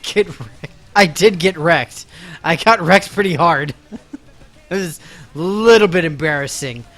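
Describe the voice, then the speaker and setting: Bright-voiced chatty male game streamer. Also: on the high side, unhurried, faint music behind. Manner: chatty and self-mocking, talking to viewers while playing. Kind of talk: casual live-stream gameplay chat.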